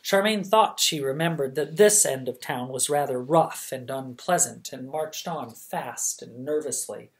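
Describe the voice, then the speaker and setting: A reader narrating a novel for bedtime at a steady, lively pace. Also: medium pitch, measured pace, hardly any pauses. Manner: steady, lively, acts out the dialogue. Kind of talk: audiobook reading of a novel. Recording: echoey room.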